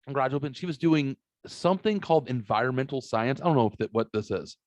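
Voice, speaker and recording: A man's voice: medium pitch, fast, dry recording. A middle-aged man hosting a podcast, telling a long profane story and quoting the people in it. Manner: profane, animated retelling with quoted voices. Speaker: podcast host. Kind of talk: casual storytelling chat.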